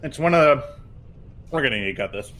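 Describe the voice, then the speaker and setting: A man in casual chat, telling a story with swearing, laughter and animated quoting. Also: mid-range voice, fast talker.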